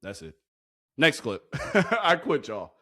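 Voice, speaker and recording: A man hosting a sports video, talking loudly and excitedly into a microphone while commenting on game clips in a slangy, hyped-up way. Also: a little high, slow pace, slightly rough.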